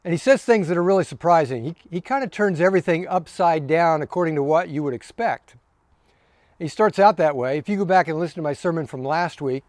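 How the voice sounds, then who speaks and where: A man giving a relaxed, conversational sermon as a pastor, recorded outdoors on his deck in the evening. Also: a little high, dry recording. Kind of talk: casual sermon.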